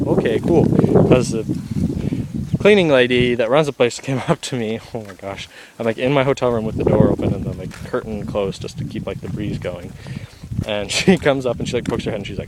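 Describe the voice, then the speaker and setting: A young man recounting a trip in a relaxed, rambling way, at an ordinary middle pitch. He fills his talk with "like" and acts out what people said to him. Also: normal speed, noisy background. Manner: laid-back, full of "like" and acted-out quotes. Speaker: travel vlogger. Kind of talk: casual storytelling.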